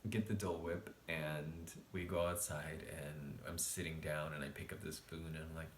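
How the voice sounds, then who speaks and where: A man quietly telling a casual storytime vlog late at night at home, keeping his voice down and laughing often. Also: very deep voice, little pitch movement, normal speed, few pauses, roomy sound, a little hiss or hum. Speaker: vlogger.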